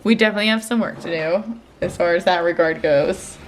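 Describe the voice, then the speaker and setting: A woman's voice: fairly low pitch, brisk, a little hiss or hum. A young woman talks through a family vlog in a loose, chatty way. She keeps circling back with "like" and small restarts as she thinks aloud about her kids. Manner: chatty, with many fillers and restarts. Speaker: vlogger, mother. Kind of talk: casual family vlog chat.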